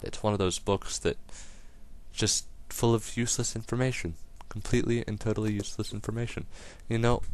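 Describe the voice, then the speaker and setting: A man's voice: on the low side, no room sound. A teenage man hosting his own webcast, ranting in a silly, jokey way and wandering off on tangents, his voice still not fully recovered. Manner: silly and animated, goes off on tangents. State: partly lost voice, recovering. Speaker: webcast host. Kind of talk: comedic rant vlog.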